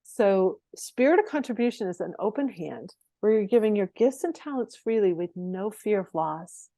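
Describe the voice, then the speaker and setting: A woman's voice: medium pitch, expressive, normal speed, dark tone, dry recording. A middle-aged woman performance coach, telling stories as a guest in a conversational interview and laughing often between phrases.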